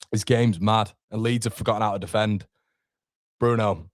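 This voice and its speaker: A man hosting a live football watchalong, reacting anxiously and in exasperation, sometimes swearing and shouting at players. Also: lowish voice, a little slow, no echo, studio quality. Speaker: fan watchalong host. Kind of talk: live football fan commentary.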